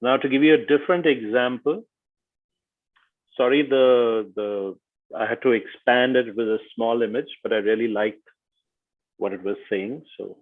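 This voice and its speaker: A man leading an online workshop, speaking slowly and deliberately and stressing each syllable as he reads. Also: mid-range voice. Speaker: workshop facilitator. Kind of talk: online teaching session. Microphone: video call. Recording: tinny video-call audio.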